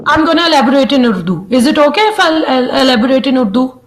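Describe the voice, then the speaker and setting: Fairly high-voiced woman lecturing. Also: lively intonation, quick pace, a little hiss or hum, low-quality recording. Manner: hesitant, restarts words, mixes in Urdu. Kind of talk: online class lecture.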